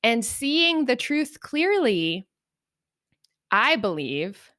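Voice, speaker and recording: A middle-aged woman co-hosting a podcast, talking earnestly and reflectively, lively when she acts out everyday examples. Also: on the high side, drawn-out words. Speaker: podcast co-host. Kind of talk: reflective conversational podcast talk.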